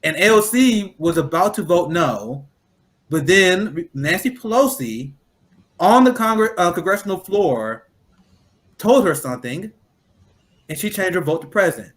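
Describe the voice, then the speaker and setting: A man's voice: high voice, animated, measured pace, a bit bright. A man with a Midwestern accent hosting a casual political roundtable, blunt and profane, rambling with restarts. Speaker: roundtable host.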